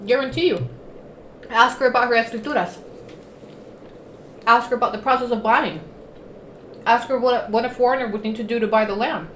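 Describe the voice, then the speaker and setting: Her middling-pitched, fairly bright voice moves at a moderate pace broken by long pauses as she hosts a casual livestream. She chats while eating, slipping Spanish into her English, and the echoey room carries faint noise.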